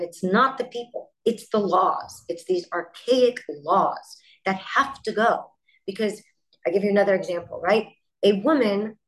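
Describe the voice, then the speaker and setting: A middle-aged woman, a company founder, speaking as a guest in an interview and telling stories in an animated way with quick asides. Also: medium pitch, rough recording. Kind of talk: interview conversation.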